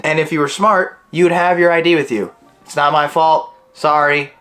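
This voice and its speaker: Animated young man telling a story. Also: on the high side, normal speed, soft background music. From Illinois, USA. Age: 20s. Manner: animated, acts out the dialogue. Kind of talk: casual storytime.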